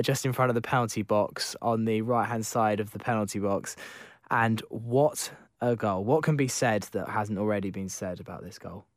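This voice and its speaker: A man's voice: mid-range voice, no echo, clean studio sound. Man hosting a chatty football podcast. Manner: leads the talk with questions, chatty. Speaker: podcast host. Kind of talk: casual football podcast chat.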